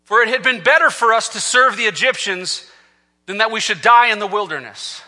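A man preaching a sermon, reading scripture and swinging between fervent shouts and hushed, quiet passages. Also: high-pitched, fairly quick, long reverb tail. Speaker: pastor.

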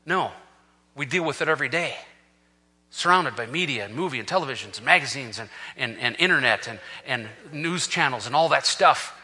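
A man preaching an impassioned sermon, swinging from hushed talk to shouting, in a large echoing hall. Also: medium pitch, expressive, brisk, breathy edge. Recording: long reverb of a large hall.

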